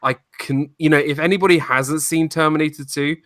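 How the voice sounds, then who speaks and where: A man's voice: fairly high pitch, steady tone, a little fast, a bit bright, dry recording, clean studio sound. An American man co-hosting a casual movie chat, talking with gushing enthusiasm. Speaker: podcast co-host.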